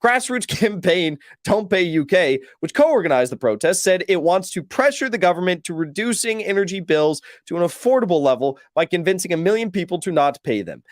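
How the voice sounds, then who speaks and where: A man's voice: high-pitched, expressive, brisk, hardly any pauses, no room sound, studio quality. A man hosting a political show, reading news articles aloud and adding commentary, stumbling over numbers. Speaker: host.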